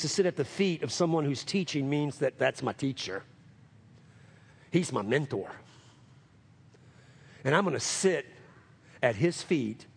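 Preacher with a husky, high voice. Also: male voice. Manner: rising to emphatic highs, dropping to hushed lows; calls for amens from the congregation. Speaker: pastor. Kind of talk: sermon.

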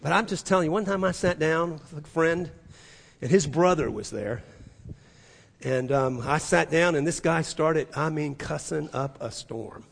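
A male pastor preaching a sermon in a church, swinging from loud, emphatic passages to near-hushed ones. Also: on the high side, lively intonation, unhurried, creaky, long reverb tail.

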